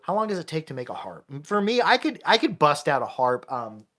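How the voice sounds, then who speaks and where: A man's voice: on the high side, very animated, brisk, noisy background. A man, a jaw harp player and maker, giving a casual live-streamed lesson and often restarting his sentences. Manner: casual, chatty, with frequent restarts.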